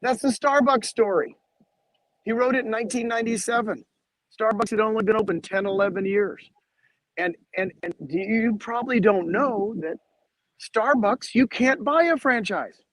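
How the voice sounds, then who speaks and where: A man's voice: high-pitched, normal speed, fairly bright tone, rough recording. A man who is a guest on an interview show, telling stories with enthusiasm and acting out the dialogue he quotes, heard over a video call. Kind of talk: animated storytelling in a podcast interview.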